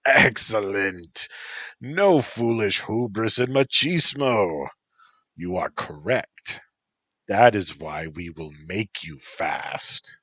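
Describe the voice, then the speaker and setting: A man voicing a gruff, teasing male tengu bodyguard who speaks in a dry, mocking, unhurried way, in a storybook reading. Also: lowish voice, expressive, pushed and bright, dry recording, full character voice.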